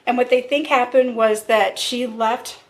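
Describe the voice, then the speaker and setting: A woman's voice: on the high side, a little slow. A woman co-hosting a podcast, telling a true-crime story in a casual way and acting out the quoted dialogue. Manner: lively retelling with quoted dialogue.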